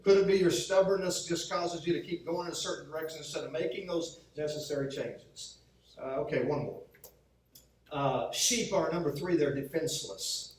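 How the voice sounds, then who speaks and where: A man's voice: on the high side, normal speed. A man preaching a sermon as a pastor, telling humorous stories and acting out the lines he quotes. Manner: humorous storytelling with acted-out quotes. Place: church sanctuary. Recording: very echoey hall, mic from far off.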